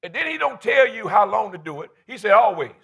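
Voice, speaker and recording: This fifties-aged pastor has a high, husky, creaky voice that sounds pushed and bright. Very animated and fairly quick, he delivers a passionate, homespun sermon in church, using folksy, colloquial language and drawing responses from the congregation.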